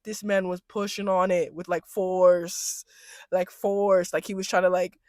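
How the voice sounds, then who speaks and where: A young woman vlogger tells a story in slangy, animated casual chat, laughing often and putting on loud mocking voices when quoting people. Her voice is fairly low and a little slow, recorded cleanly in a studio with no echo.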